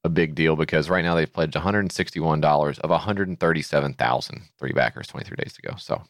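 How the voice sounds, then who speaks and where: Man, very deep voice, dry close sound, podcast co-host, sarcastic incredulous chat. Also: fast, no room sound. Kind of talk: casual comedic chat.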